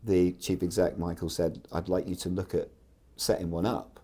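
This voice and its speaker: A man's voice: deep voice, flat delivery, normal speed, mellow, slightly rough. A man, a podcast guest telling chatty, rambling anecdotes. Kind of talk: casual storytelling.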